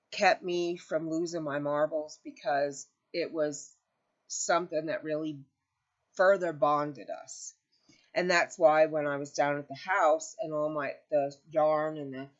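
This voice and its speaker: A woman's voice: low voice, highs cut off. A woman hosting a crochet channel, chatting casually from home, rambling and correcting herself, near tears at times. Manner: rambling, self-correcting storyteller. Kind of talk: casual chat to camera.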